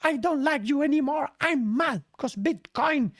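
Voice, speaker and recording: A man's voice: very high voice, measured pace, fairly bright tone, no echo, studio quality, voice pushed up. A man putting on a whiny, sulking crypto investor. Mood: whiny, petulant. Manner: whiny, petulant outburst.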